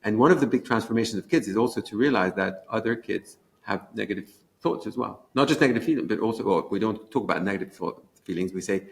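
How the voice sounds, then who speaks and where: A man's voice: fairly low pitch, fast talker, creaky. A man who created a children's feelings program, talking eagerly in a conference interview and restarting his sentences as he goes.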